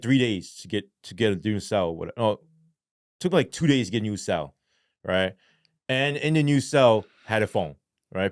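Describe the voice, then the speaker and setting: Profane New man, low dry voice. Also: no room sound. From New York. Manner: profane and animated, keeps asking "right?". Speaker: guest. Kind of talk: casual storytelling.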